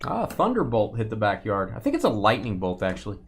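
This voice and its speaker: A man's voice: lowish voice, wildly swooping pitch, fairly quick, slightly rough. A man hosting a live sports card break stream, joking with viewers and chatting as he opens packs. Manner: jokey, reads out viewer names and teams, banters with chat; chatty asides about cards as he opens packs. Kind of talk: casual live-stream commentary.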